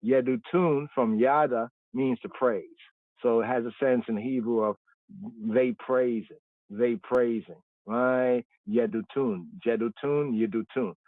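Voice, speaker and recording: A man's voice: mid-range voice, unhurried, no echo. Man, scripture teacher, explanatory, repeats "right?", tinny phone-like sound. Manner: explanatory, repeats words and says "right?" often. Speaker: Bible study teacher. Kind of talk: livestream scripture study. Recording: tinny phone-like line, dry.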